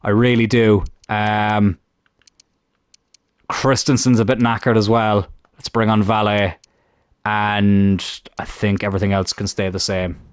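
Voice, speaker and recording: A young man commentating on his own football video game career, calm one moment and shouting the next. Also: lowish voice, unhurried, pauses often, clean tone, no room sound, studio quality. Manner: excitable, shouts at big moments. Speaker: gaming YouTuber.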